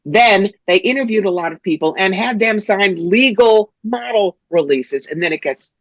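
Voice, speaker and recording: Blunt, lively woman from New York with a dry close sound, for a guest spot. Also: mid-range voice, moderate pace, no room sound, low-quality recording. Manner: blunt, animated, funny storyteller. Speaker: psychic, guest. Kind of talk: interview, storytelling.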